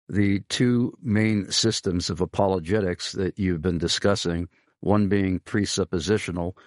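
A man's voice: deep voice, dry recording, clean studio sound. A man hosting a Christian radio talk show, earnestly pleading with listeners for support and reading out a listener's question. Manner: earnest, pleading, lists many phrases.

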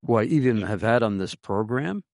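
A man hosting a conversational talk show, speaking slowly and deliberately with many pauses and fillers. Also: on the low side, expressive, a little mellow, no echo, studio quality. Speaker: podcast host.

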